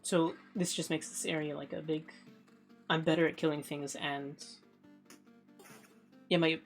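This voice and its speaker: Woman streamer, lowish gravelly voice, casual rambling game commentary. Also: flat delivery, unhurried, faint music behind. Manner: thinks aloud, rambling and offhand. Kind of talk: casual let's play commentary.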